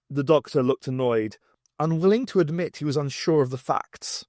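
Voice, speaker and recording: A man narrating a novel as an audiobook in an expressive storytelling manner. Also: on the high side, normal speed, dry recording, clean studio sound. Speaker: audiobook reader.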